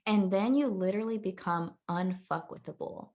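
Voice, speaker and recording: A woman's voice: medium pitch, normal speed, darkish tone. A woman from California hosting a casual podcast, talking enthusiastically and emphatically and swearing casually. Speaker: podcast host.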